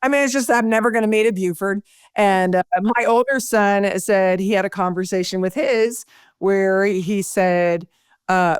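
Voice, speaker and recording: A middle-aged woman, a podcast guest, telling lively stories and acting out the voices she quotes. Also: mid-range voice, normal speed, clear, resonant tone, dry recording, clean studio sound. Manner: animated storyteller, acts out quoted voices. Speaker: podcast guest, broadcaster and speaker. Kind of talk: conversational interview.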